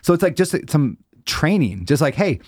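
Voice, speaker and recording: A man's voice: a little high, big pitch swings, normal speed, a little mellow, husky, dry recording, clean studio sound. A man hosting a podcast, chatting casually and agreeably, with frequent fillers. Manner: agreeable, lots of yeah and filler like. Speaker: podcast host.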